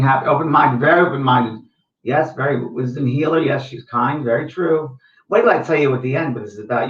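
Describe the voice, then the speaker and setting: A middle-aged man hosting as a psychic medium, reading viewer comments aloud and affirming them in a chatty way before telling a story. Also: mid-range voice. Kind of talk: live stream reading comments. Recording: echoey, distant, dull sound.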